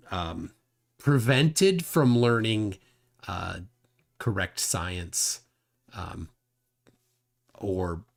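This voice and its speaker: Slow, halting man hosting a livestream. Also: mid-range voice, fairly bright tone. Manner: unhurried, halting with many fillers. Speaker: livestream host. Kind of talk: casual live-stream commentary.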